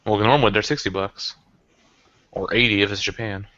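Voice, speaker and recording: A man's voice: fairly low pitch, fairly even intonation, fairly quick, sharp tone, no echo, lo-fi sound. A man co-hosting a livestream, chatting in a laid-back, matter-of-fact way. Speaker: livestream co-host. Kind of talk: casual group chat on a livestream.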